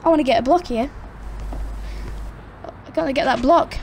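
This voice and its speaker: A woman giving excited, chatty commentary on her own basketball video game match, hosting her gaming channel from a room at home. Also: high voice, moderate pace, noisy background. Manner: excitable, chatty, cheers and groans at plays. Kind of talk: live gameplay commentary. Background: friends talking in the background.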